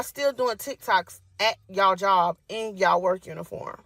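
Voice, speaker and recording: A woman comments in an incredulous voice, getting loud on the points she stresses. She sounds close to the mic in a dry space. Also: mid-range voice, measured pace, no room sound. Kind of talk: casual commentary.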